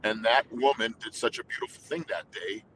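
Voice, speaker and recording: Fairly quick and fairly bright, the lowish voice of a male anthem singer pours out an emotional interview story, rambling, restarting often, and quoting what went through his head. Poor audio adds a little hiss or hum.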